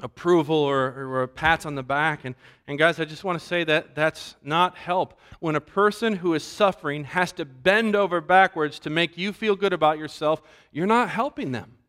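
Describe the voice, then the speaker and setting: A man pastor preaching a sermon, animated and acting out the voices he quotes. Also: fairly high pitch, moderate pace, hardly any pauses, clear, resonant tone.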